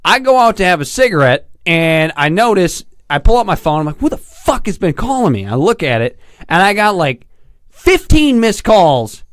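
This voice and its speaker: A man's voice: high voice, big pitch swings, moderate pace, clear, resonant tone, no echo, studio quality. A man co-hosting a podcast, telling rambling, profane stories in casual chat and laughing as he goes. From Detroit area. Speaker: podcast co-host.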